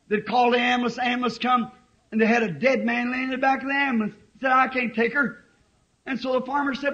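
Fiery preacher in his fifties, a man with a strikingly high voice, dull old tape recording. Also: level tone, a little fast. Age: 50s. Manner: impassioned, swings to shouting. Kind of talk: fiery sermon.

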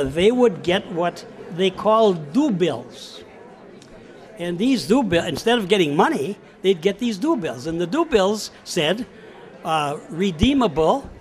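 An older man tells stories of his working days to a room of listeners. His voice sits a little high, and he is folksy and unhurried as he recalls old times. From Wisconsin, USA. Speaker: former store employee recalling his job. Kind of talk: telling anecdotes to a local audience.

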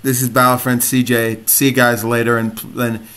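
A man's voice: mid-range voice, level tone, normal speed, a bit bright, clear, resonant tone. A young man commenting on his own gameplay, frustrated and self-mocking. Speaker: gamer. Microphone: desk mic. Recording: noisy home mic with clicks.

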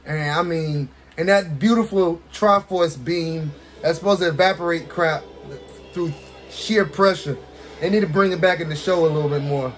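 Man, high-pitched, gameplay commentary, excitable, talks to the characters, laughs a lot, faint music behind. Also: normal speed. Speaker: gaming streamer.

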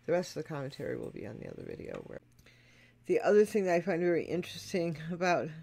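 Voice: mid-range voice, lively intonation, fast, creaky, a little mellow. A music reaction channel host giving casual spoken commentary to viewers, emphatic and explanatory.

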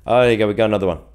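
Reading out viewer comments on his political livestream, this host keeps things casual and jokey, with lots of chuckles and meandering asides. His voice is lowish with a darkish tone.

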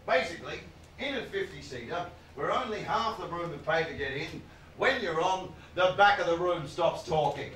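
Male stand-up comic, high voice, shouty mocking rants, roomy live recording from a distance. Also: noisy background. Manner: loud, sweary, mocking rants. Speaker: stand-up comedian. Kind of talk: stand-up comedy set. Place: comedy club stage with live audience. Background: audience laughter.

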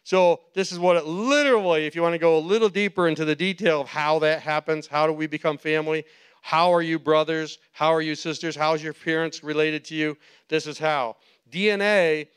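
Smooth-voiced preaching man. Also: on the high side. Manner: conversational preaching that builds to impassioned shouting. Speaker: pastor. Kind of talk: sermon. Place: church sanctuary.

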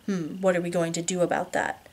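A woman voicing an intense, commanding young husband in a low, hushed murmur while reading a romance novel aloud. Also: flat delivery, brisk, husky.

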